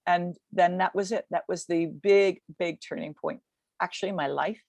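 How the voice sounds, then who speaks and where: A woman in her seventies, a podcast guest, retelling a past event in vivid, lively storytelling with quick restarts. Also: on the low side, creaky, no room sound. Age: 70s. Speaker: guest recounting a race.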